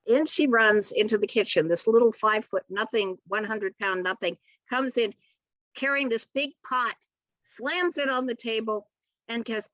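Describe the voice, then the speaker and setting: Woman, author panelist, comic storytelling, animated, bright tense voice, dry close sound. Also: a little high, unhurried, no room sound. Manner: animated storyteller who acts out other people's voices. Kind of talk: comic personal anecdote.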